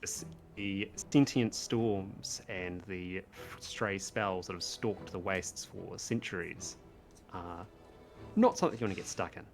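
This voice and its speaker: A man's voice: low voice, steady tone, a little slow, faint music behind. A man narrating as game master, describing scenes and teasing his players.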